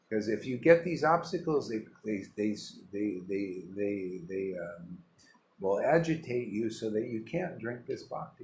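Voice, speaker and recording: A man's voice: fairly low pitch, animated, measured pace, a little mellow, slight background noise. A man, a spiritual teacher, giving an informal devotional talk, emphatic and rambling, full of rhetorical questions. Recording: roomy echo with faint ambience.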